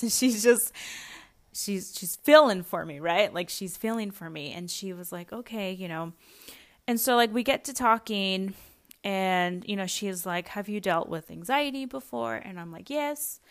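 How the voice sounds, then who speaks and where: A young adult woman hosting a podcast, telling a personal story in a chatty way, with lots of fillers and little laughs. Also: mid-range voice. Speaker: podcast host.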